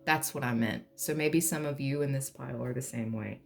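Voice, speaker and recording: A woman's voice: a bass voice, brisk, gravelly, faint music behind. A woman giving a pick-a-card tarot reading in a playful, joking way, now and then bursting into song. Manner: playful, laughs to lighten things, breaks into humming and song. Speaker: tarot reader.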